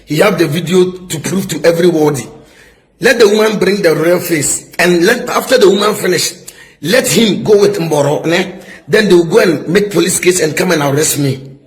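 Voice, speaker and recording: High-voiced emphatic preaching man. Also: normal speed, low-quality recording. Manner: emphatic, repetitive, asks "is somebody getting my point?". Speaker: prophet. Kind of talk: preaching-style public rebuke.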